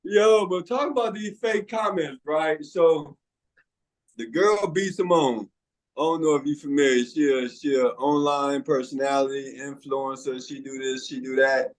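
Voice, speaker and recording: A man in his late forties, a podcast co-host telling stories in casual chat, profane and animated, often breaking into laughter. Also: a little high, unhurried, rough recording. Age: 40s.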